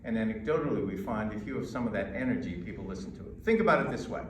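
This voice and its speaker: An American man coaching an audience on presenting, emphatic and measured, pausing between points. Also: lowish voice, expressive, recorded from a distance, a little hiss or hum. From United States. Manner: emphatic, with pauses and demonstrations. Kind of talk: lecture to a live audience. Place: lecture hall. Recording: echoey hall recorded from afar.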